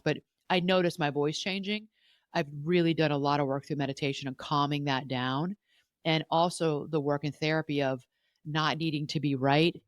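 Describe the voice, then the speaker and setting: A woman's voice: deep voice, no echo, studio quality. Earnest woman therapist coaching listeners. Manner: earnest, coaching, repeats herself. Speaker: podcast host, family therapist. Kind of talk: advice podcast talk.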